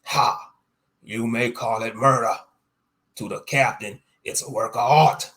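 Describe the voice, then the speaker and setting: A man's voice: medium pitch, fairly even intonation, measured pace, fairly bright tone, lightly acted. A man voicing a boastful, murderous male pirate captain who taunts in sea-dog slang and chuckles as he talks.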